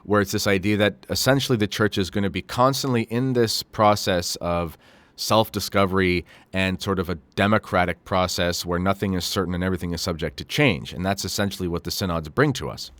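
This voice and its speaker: A man's voice: deep voice, moderate pace, a bit bright, no echo. A man hosting a commentary show, reading quotes aloud and adding critical, sarcastic remarks with frequent fillers. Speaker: host.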